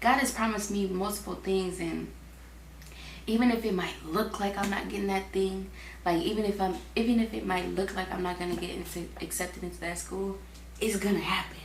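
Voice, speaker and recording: A woman's voice: medium pitch, fairly even intonation, brisk, gravelly. Young woman reading scripture in an echoey room. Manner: reads scripture aloud and breaks off for chatty slang asides. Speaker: Bible reading host. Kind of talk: casual Bible reading and commentary. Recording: echoey room with faint background hum.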